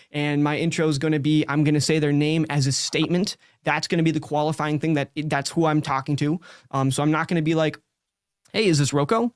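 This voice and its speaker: A man's voice: fairly high pitch, clean tone, dry recording, clean studio sound. A man who hosts a show, giving direct, talkative live coaching feedback with many likes and restarts. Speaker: sales coach and show host.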